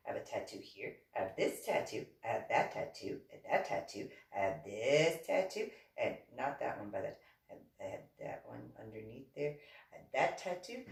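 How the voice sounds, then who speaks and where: A woman's voice: rumbling low, big pitch swings, normal speed, creaky. A woman chatting casually as host, playful and teasing, laughing often. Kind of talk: casual chat. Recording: roomy echo, far from mic.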